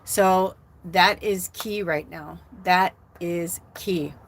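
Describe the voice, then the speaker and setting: A woman in her forties from Illinois, a spiritual medium telling her life story in a casual live stream, animated and swearing as she acts out what she said. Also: fairly low pitch, drawn-out words, slight background noise. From Illinois, USA.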